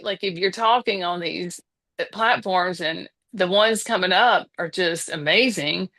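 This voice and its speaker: A fairly low, slightly bright voice at a measured pace belongs to a woman in her fifties from the Southern United States. With her Southern American accent, she's a podcast guest in casual conversation, hesitant and full of fillers and restarts.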